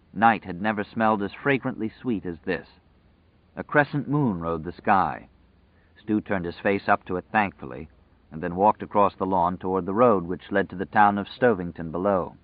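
Low-voiced man narrating a story. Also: no room sound. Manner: measured, dramatic storytelling. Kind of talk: audiobook narration. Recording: tinny, phone-like dry sound.

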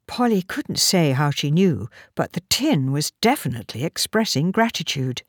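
Casting: woman storybook narrator, very lively pitch, dry close sound. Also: moderate pace, few pauses, no echo. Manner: expressive, animated narration. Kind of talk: storybook reading.

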